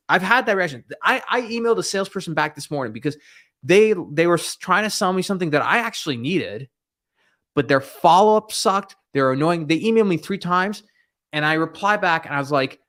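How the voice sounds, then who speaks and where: Male sales coach for a live stream: blunt and emphatic, pushes hard, with a voice sitting a bit high. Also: animated, fairly quick, fairly bright tone. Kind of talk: motivational live-stream talk. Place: room with bookshelves behind him.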